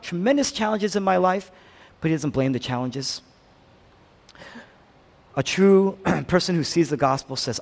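A man preaching a sermon, emphatic and repetitive, swinging between hushed and loud passages. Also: fairly high pitch, animated, measured pace, long pauses, in a large hall. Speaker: pastor.

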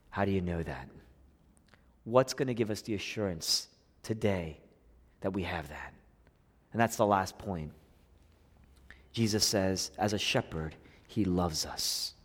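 A man preaching a sermon as a pastor, swinging between hushed, intimate lines and rising, emphatic passages. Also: sits low, a little slow, pauses often. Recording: long hall reverb.

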